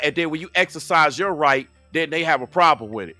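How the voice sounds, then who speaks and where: High, animated man in heated commentary. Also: quick pace, few pauses, dry recording, soft background music. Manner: confrontational, preachy, repeats points with rhetorical questions; loose slangy talk aimed at the audience. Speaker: commentator reacting to video clips.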